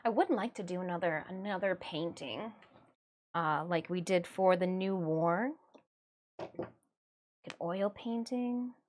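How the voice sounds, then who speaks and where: A woman's voice: lowish voice, slow, long pauses, a little mellow, slight background noise. A woman from Michigan chatting casually on a livestream, chatty and self-mocking, often breaking into giggles. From Michigan, USA. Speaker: livestreamer and artist.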